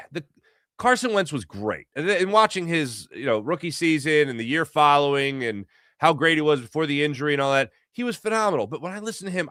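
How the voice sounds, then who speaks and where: A man hosting a sports show, arguing his point in a fast, animated monologue full of rhetorical questions. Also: a little high, dry recording, studio quality. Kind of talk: casual sports commentary monologue.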